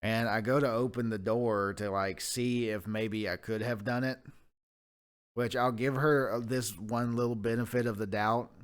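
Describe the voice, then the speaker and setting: A man's voice: mid-range voice, smooth. A man co-hosting a podcast, telling a rambling, profane story in casual chat. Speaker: podcast co-host.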